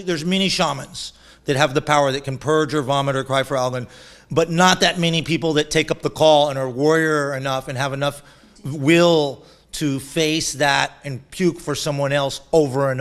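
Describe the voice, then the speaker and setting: Excitable man, higher voice, laughing. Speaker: shaman guest. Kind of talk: animated storytelling interview.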